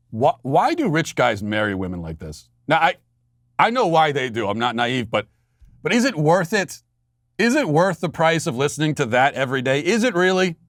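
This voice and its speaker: A male podcast host talks through his commentary in a sarcastic, mocking tone, often restarting his sentences. His voice sits at a middling pitch. The studio sound is dry, with no room echo. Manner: frequent fillers and restarts. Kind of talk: political commentary monologue.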